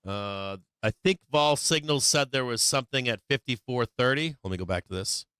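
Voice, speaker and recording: A man hosting a market live stream, talking through his charts with blunt, profane remarks and frequent restarts. His voice is bright and smooth but wearing thin. It is close-miked and dry, with no room sound. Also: medium pitch, moderate pace, dry recording. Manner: blunt, swears, many restarts. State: losing his voice.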